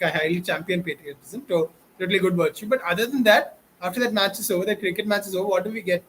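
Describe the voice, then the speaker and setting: Indian-accented man, high voice, fervent exhorting lecturer, faint hiss underneath. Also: fast, hardly any pauses, a bit bright, low-quality recording. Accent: Indian English. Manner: preachy, exhorting, repetitive. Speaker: online educator. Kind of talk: impassioned direct-to-camera talk.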